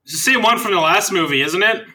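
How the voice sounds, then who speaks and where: A young man chatting casually about a movie, tossing in quick joking quips. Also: high voice, over a noisy crowd. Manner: jokey, quick deadpan quips. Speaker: film commentary co-host. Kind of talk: casual movie commentary chat.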